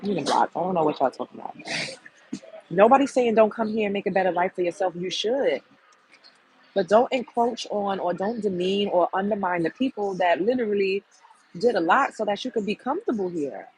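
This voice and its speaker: A woman's voice: mid-range voice, animated, brisk, darkish tone, breathy edge, low-quality recording. A woman hosting a livestream, giving a blunt, heated and profane commentary rant to her viewers. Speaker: livestream host.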